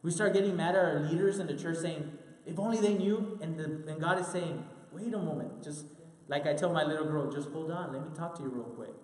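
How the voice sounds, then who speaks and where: A man's voice: a little high, fairly quick, few pauses. A man giving an earnest sermon-style Bible teaching, repeating key lines for emphasis. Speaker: preacher. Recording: roomy with long hall reverb.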